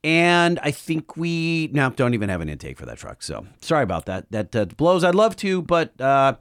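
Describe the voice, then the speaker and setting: A man's voice: fairly high pitch, sing-song, moderate pace, fairly bright tone, smooth, no room sound, clean studio sound. A man co-hosting a podcast in casual chat, loose and joking as he reads out the hotline number. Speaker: podcast co-host.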